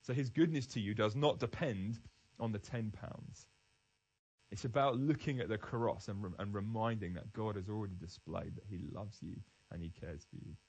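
A man's voice: lowish voice, moderate pace, darkish tone, poor audio. A man giving an earnest, emphatic devotional Bible talk, restarting phrases as he goes. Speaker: Christian speaker.

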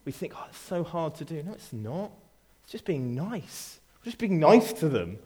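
A man's voice: a little high, sing-song, normal speed, warm tone, breathy edge. A man preaching to his church, speaking casually with frequent restarts and playful asides. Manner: conversational, repeats words and restarts, playful asides. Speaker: pastor. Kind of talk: sermon.

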